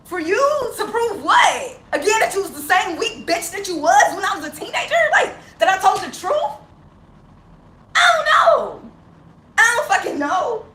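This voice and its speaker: A woman's voice: very high voice, pushed and bright. A woman ranting with emotion to camera, heavily profane and impassioned, laughing bitterly and near tears, recorded with a roomy echo. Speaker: vlogger. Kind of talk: unscripted emotional rant to camera. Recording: roomy echo with faint ambience.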